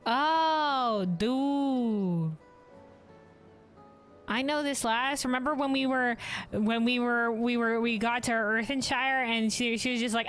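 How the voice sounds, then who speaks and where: A woman's voice: on the high side, slow, a bit bright, soft background music. A woman game streamer chatting casually over gameplay, laughing often and swearing freely.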